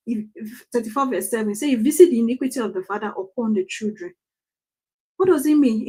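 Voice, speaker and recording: A woman's voice: on the high side, a little mellow, breathy edge. A middle-aged Nigerian woman, a family coach, telling personal stories in a motivational talk, repeating phrases for emphasis and laughing as she goes.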